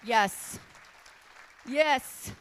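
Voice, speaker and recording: A middle-aged woman doing stand-up comedy, telling stories with animated acted-out quotes. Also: a little high, very slow, some chatter behind, slight background noise. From United States.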